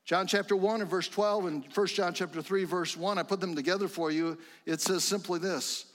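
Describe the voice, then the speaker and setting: A middle-aged man preaching a sermon in a church sanctuary, fervent and rising to excited exclamations. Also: sits high, normal speed, hardly any pauses, long reverb tail. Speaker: pastor.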